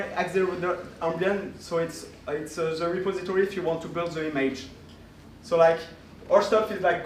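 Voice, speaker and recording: At a conference, a male speaker with a fairly high voice presents haltingly, full of fillers and restarts. The audio sounds roomy and echoey, his voice far off with faint room noise in the background.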